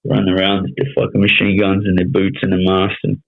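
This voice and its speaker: This podcast guest is an Australian man in his thirties, broad-accented and foul-mouthed, who recounts his story in a blunt, casual way and keeps checking in with "you know what I mean." His fairly low voice is monotone, quick and marked by vocal fry. It sounds thin and tinny, as if over a phone line.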